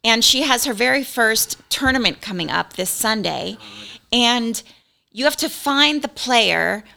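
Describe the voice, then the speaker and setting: A woman's voice: fairly high pitch, animated, a little slow, vocal fry, bright, forceful tone. A middle-aged woman co-hosting a casual chat, telling stories in a chatty way full of likes. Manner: chatty storytelling with many likes. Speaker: podcast co-host.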